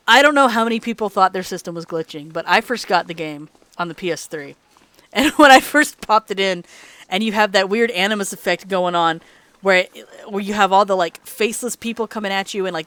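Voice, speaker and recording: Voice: medium pitch, fairly bright tone, smooth, no echo. A let's play host rambling in casual gameplay commentary, chatty and laughing often, sleepy and yawning late at night.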